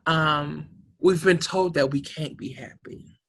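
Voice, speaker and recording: A woman's voice: sits low, slow, husky. A woman guest in a heartfelt interview, speaking emphatically and passionately, with a preacher-like, rousing manner and salty language. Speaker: guest, community organization director.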